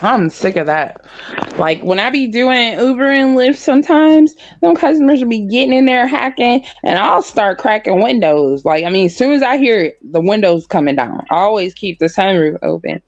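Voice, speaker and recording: A woman talking in a casual chat, telling animated stories and swearing freely. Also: mid-range voice, normal speed, dry recording, muffled recording. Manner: animated, profane storytelling.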